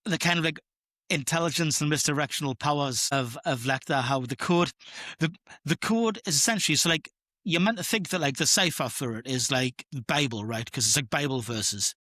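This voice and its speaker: A man's voice: on the high side, fairly quick, pushed and bright, dry recording, clean studio sound. A man co-hosting a casual film podcast, talking in a chatty, rambling way with restarts. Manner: chatty, rambling, laughs at own jokes. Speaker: podcast co-host.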